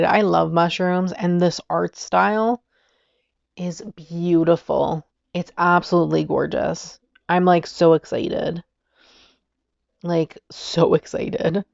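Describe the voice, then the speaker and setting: A woman excitedly reviewing tarot decks in a casual video, gushing and giggly as she talks. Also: fairly low pitch, vocal fry, dry recording. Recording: dull lo-fi dry recording.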